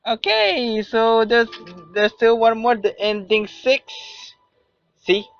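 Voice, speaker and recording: A man's voice: very high voice, animated, slow pace, vocal fry, clear, resonant tone, dull audio, soft background music. A man casually commenting on a game he plays, hesitant and repeating himself. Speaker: game player reading aloud. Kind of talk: casual let's-play commentary.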